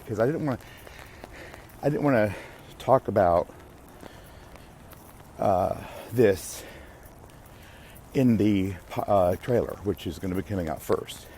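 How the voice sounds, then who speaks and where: A man's voice: on the low side, expressive, slow pace, long pauses, mellow, a little hiss or hum. A man hosting a podcast, rambling casually to himself with restarts and the odd curse. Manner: rambling, self-interrupting, occasional swearing. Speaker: podcast host.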